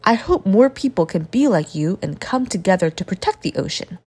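Woman doing a seagull police officer, male, kindly, husky, patient explainer, lively delivery. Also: mid-range voice, normal speed. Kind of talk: storybook character voice.

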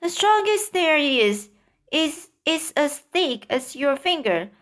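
A woman's voice: high voice, big pitch swings, takes it slowly, fairly bright tone, pitched above the performer's own voice, full character voice. A woman as a boastful lady spider. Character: proud female spider, confident.

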